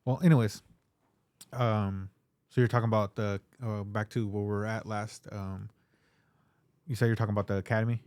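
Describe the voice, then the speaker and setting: A man hosting a podcast, asking loose, halting questions in casual chat. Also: lowish voice, little pitch movement, darkish tone, no room sound. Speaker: podcast host.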